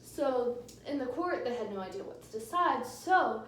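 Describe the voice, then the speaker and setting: A woman's voice: fairly high pitch, expressive, normal speed, fairly bright tone, a little hiss or hum. A woman co-hosting a podcast, improvising a silly story with giggles and rambling, in an echoey room with a distant mic. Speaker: podcast co-host.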